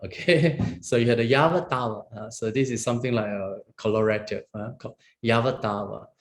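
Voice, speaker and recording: A man's voice: mid-range voice, fairly even intonation, brisk. A man teaching Pali grammar, walking through each word and checking in with his listeners as he goes. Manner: explains step by step, checks in with "huh?" and "okay?".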